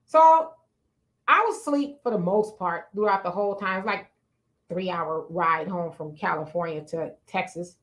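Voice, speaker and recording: A middle-aged woman co-hosting a casual talk show, telling a story in an animated, dramatic way. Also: on the low side, moderate pace. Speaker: co-host.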